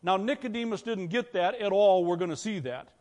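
Speaking a little fast, this pastor has a high-pitched, somewhat dark voice as he preaches. He keeps the sermon conversational, asking the congregation questions, while a church hall's long reverb fills the recording.

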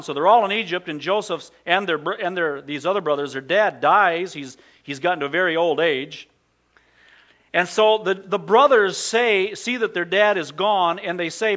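A male pastor preaching a sermon in a church, folksy and conversational, asking the congregation questions and reading scripture slowly. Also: high-pitched, fairly bright tone, highs cut off. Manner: reads scripture slowly and deliberately.

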